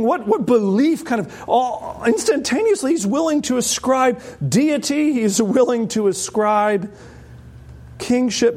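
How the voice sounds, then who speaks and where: A man preaching a sermon to a congregation, animated and emphatic, often rising sharply in pitch for stress. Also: creaky, husky.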